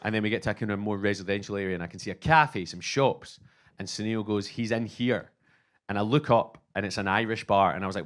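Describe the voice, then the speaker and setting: A Scottish man in his thirties tells a stand-up story, voice sitting on the low side. He is animated and self-mocking, slipping in and out of the people he describes. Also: a little fast. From Scotland. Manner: animated, self-mocking, acts out both sides of dialogue. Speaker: stand-up comedian.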